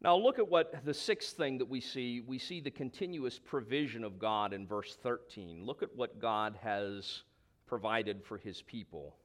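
A man's voice: mid-range voice, unhurried. A man preaching a sermon, emphatic, stretching key words for stress and dropping in conversational asides. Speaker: pastor.

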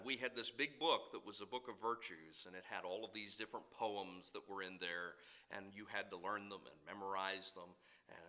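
A young man preaching a sermon, moving between loud emphatic declarations and quieter conversational asides to the congregation. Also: medium pitch.

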